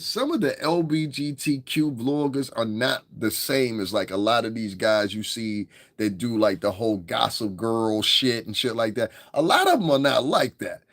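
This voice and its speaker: A man runs a loose, rambling commentary on his podcast. He speaks bluntly and swears freely, in a mid-pitched voice. The sound is close and dry, with no room around it. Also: dry recording. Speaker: podcast host. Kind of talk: casual commentary monologue.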